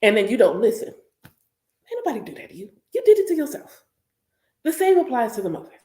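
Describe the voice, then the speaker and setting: Animated woman preaching in an echoey room. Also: fairly high pitch, brisk. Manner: animated and emphatic, repeats points for stress. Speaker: spiritual teacher reacting live. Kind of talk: live reaction stream, preachy casual talk.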